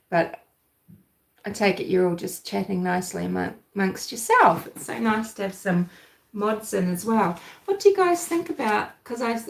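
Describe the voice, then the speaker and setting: A woman from New Zealand with a softened New Zealand accent, hosting a casual true-crime livestream and chatting with viewers. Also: mid-range voice, creaky, roomy sound, rough recording. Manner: chatty, thinks aloud, answers live chat. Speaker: livestream host.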